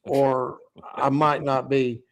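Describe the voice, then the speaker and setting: A man's voice: medium pitch, little pitch movement, takes it slowly, a little hiss or hum. A man hosting a casual live stream, tired and yawning, rambling and swearing freely. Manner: rambling, swears freely, reads chat aloud. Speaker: livestream host.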